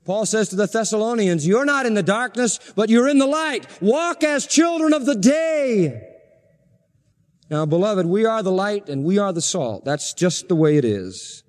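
A man preaching a sermon as pastor, emphatic and repetitive, stressing key phrases slowly. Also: high voice, lively intonation, big-room sound.

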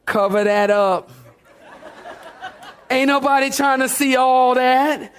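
High-voiced pastor preaching with humor. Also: male voice, slow, long pauses, fairly bright tone, clear, resonant tone. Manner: humorous, storytelling, talks back and forth with the congregation. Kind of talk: sermon. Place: church sanctuary before a congregation.

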